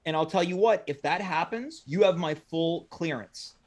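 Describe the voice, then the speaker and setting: A man's voice: on the high side, normal speed. A man hosting a comedic talk show. He talks like a boastful showman who keeps poking fun at himself. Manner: playful, self-mocking, boastful showman. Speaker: host.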